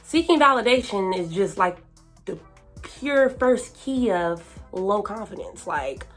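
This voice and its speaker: A woman's voice: medium pitch, lively intonation, takes it slowly, fairly bright tone, faint music behind. A woman giving casual self-help advice to camera, chatty and full of fillers. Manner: chatty, lots of fillers, hypes herself up.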